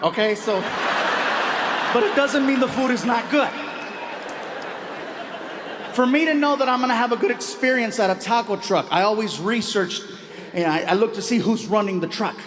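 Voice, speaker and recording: A man doing a stand-up comedy routine on stage, telling an animated story. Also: high voice, in a large hall. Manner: storytelling, animated, slips into voices. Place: on stage before a live audience. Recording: noisy live comedy club recording.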